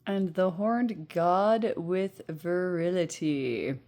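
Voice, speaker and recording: Speaking very slowly in a low, slightly mellow voice, a tarot reader in her thirties gives a casual pick-a-card reading at home into earbuds. She is chatty and rambling, laughing often and using plenty of fillers.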